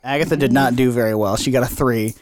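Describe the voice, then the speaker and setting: A man's voice: mid-range voice, fast. A man running a tabletop game as game master, narrating loosely and laughing often.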